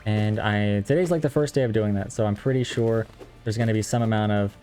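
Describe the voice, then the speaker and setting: With faint game music behind him, a young man from Texas streams a game and talks casually, self-deprecatingly, to his viewers. He speaks a little fast in a warm, lowish voice.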